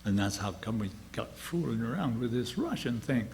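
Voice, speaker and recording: A man's voice: medium pitch, lively intonation, normal speed, vocal fry, a little mellow. An older man, telling stories in a rambling, chuckling way at a book release gathering. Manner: rambling, chuckling, full of restarts. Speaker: author. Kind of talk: storytelling reading at an event. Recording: echoey hall, faint noise.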